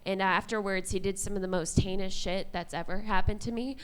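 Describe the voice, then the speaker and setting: A woman in her twenties doing a stand-up comedy set on a club stage, deadpan delivery and laughing at her own jokes. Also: mid-range voice, a little fast, clean tone. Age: 20s.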